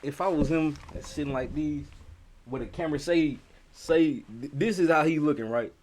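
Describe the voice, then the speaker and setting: A man's voice: a little high, moderate pace, darkish tone. A man giving loose, profane reaction commentary on a video, full of slang and laughs. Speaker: reaction streamer.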